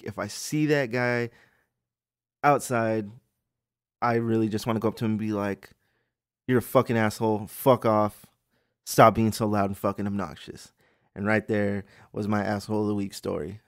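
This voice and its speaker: Male podcast host, low voice, profane and exasperated rambling anecdotes, dry recording. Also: fairly even intonation, a little fast, dry recording. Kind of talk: casual storytelling rant.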